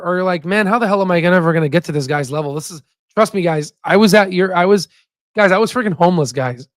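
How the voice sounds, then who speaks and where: Young man, fairly high voice, choked up, near tears, rambling with halting restarts, dry close sound. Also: a bit bright, dry recording. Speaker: investing channel host. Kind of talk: candid personal story to camera.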